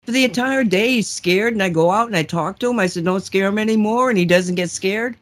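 A woman's voice: mid-range voice, brisk. Woman host, casual storyteller, rambling, many restarts, laughs a lot. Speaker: talk show host.

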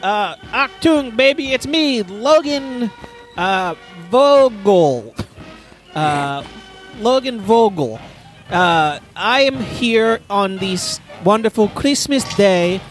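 A panicky man with a mock German accent, doubled over with a bellyache, as a man puts him on. He barks his words and yelps with a high, swinging voice. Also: expressive, takes it slowly, soft background music.

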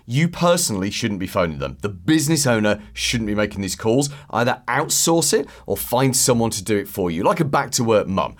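A man hosting a solo podcast, talking casually and acting out phone calls in quick put-on voices. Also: mid-range voice. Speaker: podcast host.

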